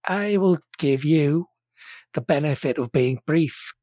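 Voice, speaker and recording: A game master voicing an older male crime boss who speaks in a measured, formal and courteous way. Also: mid-range voice, warm tone, no echo, close to an everyday voice. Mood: businesslike.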